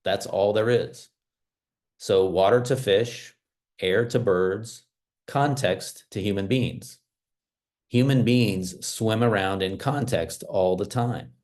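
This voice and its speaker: Deep-voiced American man giving an animated talk. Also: slow. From small-town United States. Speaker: speaker giving a talk over video call. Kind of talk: motivational talk. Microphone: video call.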